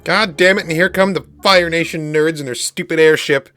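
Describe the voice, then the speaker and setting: A man giving casual reaction commentary on a show, animated, loud and joking, with some swearing. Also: fairly high pitch, moderate pace, faint music behind. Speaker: reaction host.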